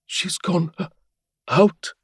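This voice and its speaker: A man voicing a young male butler who stammers nervously and turns eager and excitable. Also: takes it slowly, no echo, studio quality, natural voice. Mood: stammering nervous.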